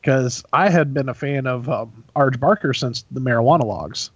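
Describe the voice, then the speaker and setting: A man's voice: medium pitch, moderate pace, husky, dry recording, highs cut off. A man chatting casually on a podcast, rambling with lots of filler words and frequent laughs. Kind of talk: casual chat.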